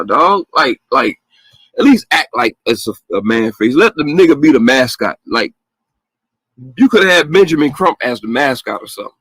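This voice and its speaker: Profane animated man, dry sound. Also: on the high side, moderate pace, dry recording, poor audio. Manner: profane, animated, laughs often. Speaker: podcast host. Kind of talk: casual opinionated chat.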